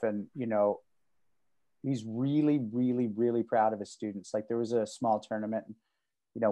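A man co-hosting a casual martial arts podcast over a video call, telling stories and acting out quotes in sudden loud, high bursts. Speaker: podcast co-host.

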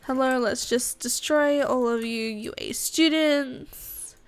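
A young woman casually commenting on her gameplay, excitable and chatty, often squealing with surprise. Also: high-pitched, slow, clean tone. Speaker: gaming YouTuber. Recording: faint game music behind.

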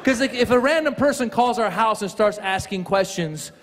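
A man performing a stand-up comedy set in a large theater, animated and playful, slipping into voices as he tells his jokes. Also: high voice, normal speed, long reverb tail. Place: large theater with a live audience. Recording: live stage recording with loud audience.

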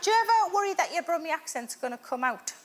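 A woman's voice: very high voice, expressive, quick pace. A woman hosting a comedic talk show interview, cheeky and giggly, with frequent ums. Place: television studio with live audience. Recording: studio audience laughter and noise.

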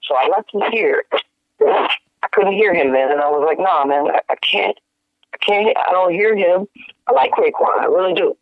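A man, a guest musician, telling stories in casual chat, animated and slangy, laughing often. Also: sits high, normal speed, gravelly, no room sound. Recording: dry, tinny phone-like sound.

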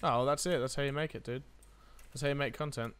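A man live-streaming a game, chatty and excitable, talking to his viewers while he plays. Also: mid-range voice, fast talker, smooth.

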